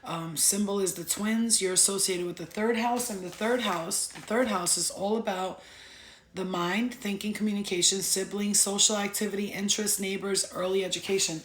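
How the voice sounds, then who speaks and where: A young woman giving a casual astrology talk, blunt and profane, telling lively stories. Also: medium pitch, normal speed, reverberant, slight background noise. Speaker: astrology vlogger.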